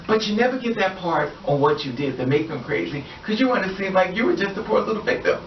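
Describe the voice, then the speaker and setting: A woman's voice: medium pitch, lively intonation, fast, background noise. A woman vlogger ranting in a heated, profane and emphatic way. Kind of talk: personal vlog rant. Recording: echoey, distant, dull-sounding room recording.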